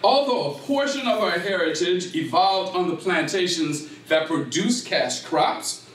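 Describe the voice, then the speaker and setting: Older man, high voice, slow deliberate lecture, frequent laughter, quizzes listeners, echoey library room. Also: lively intonation, far from the mic. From Gullah Geechee community, South Carolina. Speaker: speaker. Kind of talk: interactive lecture.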